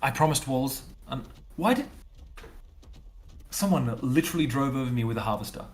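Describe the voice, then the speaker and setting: A man's voice: mid-range voice, expressive, moderate pace. A man, a game developer, chatting casually on a livestream and thinking aloud in loose, rambling explanations full of repeated fillers.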